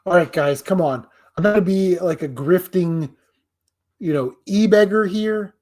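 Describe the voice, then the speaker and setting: A man's voice: high voice, measured pace, darkish tone. Rambling, foul-mouthed male streamer. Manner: rambling, profane, self-deprecating. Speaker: livestream host. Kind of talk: casual live-stream chat.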